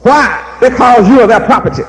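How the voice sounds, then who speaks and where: High-voiced emphatic male preacher. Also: brisk, a bit bright, low-quality recording. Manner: emphatic, repetitive, rhetorical questions. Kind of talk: sermon.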